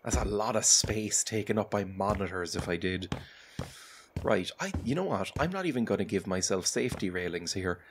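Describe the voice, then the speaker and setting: Low-voiced man rambling over gameplay. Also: lively intonation, normal speed, background noise. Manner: rambling, self-deprecating, chatty with frequent laughs. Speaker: gaming channel host. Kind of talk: casual let's-play commentary. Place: home streaming setup. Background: game music playing clearly.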